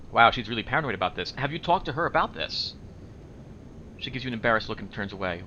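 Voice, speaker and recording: Casting note: bright, clear-toned man at mid pitch, reading game text aloud, somewhat muffled mic with faint hiss. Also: animated. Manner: reads dialogue and narration aloud, with quick asides. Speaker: let's play host. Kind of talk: casual gameplay commentary reading game dialogue aloud. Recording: slightly dull home mic with faint noise.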